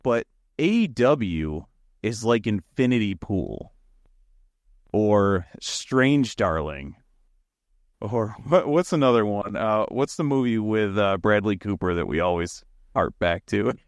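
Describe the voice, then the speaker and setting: A man's voice: on the low side, expressive, slow, no echo, clean studio sound. Eager man chatting on a podcast. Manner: enthusiastic, rambling, laughs often. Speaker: podcast co-host. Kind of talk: casual chat.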